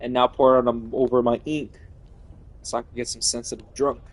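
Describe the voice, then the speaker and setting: A man's voice: mid-range voice, flat delivery, brisk, natural voice. A man voicing a male ink creature who drinks beer and keeps asking why he is being stared at, in improvised game role-play. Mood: casual. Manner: repeats questions, suspicious.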